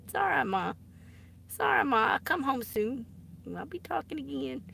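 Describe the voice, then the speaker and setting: A woman's voice: sits high, animated, normal speed, vocal fry, sharp tone, slight background noise. A woman chatting casually on a live stream, giggly and teasing, often dropping into embarrassed whispers. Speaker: artist live-streaming to viewers. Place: home art studio.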